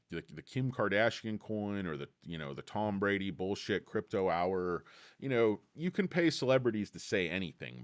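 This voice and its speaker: A man's voice: low-pitched, no echo. A tired man from California's Central Valley hosting a casual stock livestream, rambling and joking with plenty of fillers. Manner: rambling, jokey, many fillers.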